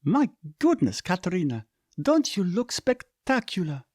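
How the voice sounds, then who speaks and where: A playful young woman with a high, coy voice who teases everyone around her, played by a male reader. Her lines bounce lightly in a storybook reading. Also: wildly swooping pitch, measured pace, a little mellow, no room sound, clean studio sound, exaggerated voice. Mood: teasing. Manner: coy and teasing. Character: playful, teasing young woman, the hero's sister.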